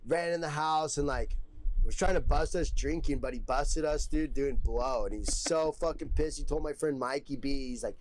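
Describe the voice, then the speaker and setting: A man's voice: a little high, normal speed, no echo, rough recording. A young man, a podcast guest, telling stories in a casual, rambling way, full of swearing and filler words. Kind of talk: casual storytelling.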